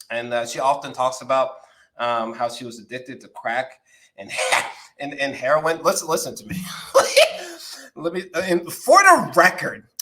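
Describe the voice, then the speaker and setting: A man giving a casual, excitable film review, laughing a lot, swearing and repeating himself in slangy talk. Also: a little high.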